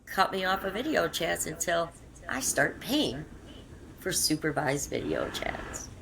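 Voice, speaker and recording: A woman's voice: on the low side, animated, measured pace, gravelly, noisy background. A woman guest on an interview, telling her story in a rambling, casual way with many fillers and restarts.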